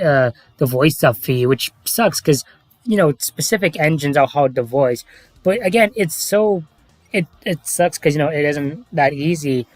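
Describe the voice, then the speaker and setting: A man hosting a livestream, talking casually in a rambling, hesitant way. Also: a little high. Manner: rambling, hesitant, with many restarts. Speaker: stream host.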